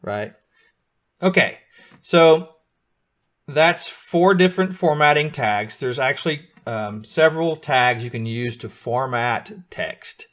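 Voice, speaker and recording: A man's voice: medium pitch, lively intonation, takes it slowly, fairly bright tone. A middle-aged man teaching beginners to code, walking through steps patiently and often checking that his students are keeping up. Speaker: coding teacher. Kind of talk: live beginner coding lesson.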